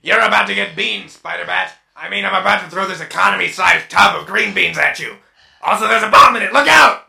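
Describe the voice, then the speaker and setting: A man's voice: high-pitched, a little fast, creaky, noisy background. A man playing a blustering armored supervillain in a comedy radio play, with hammy, over-the-top delivery.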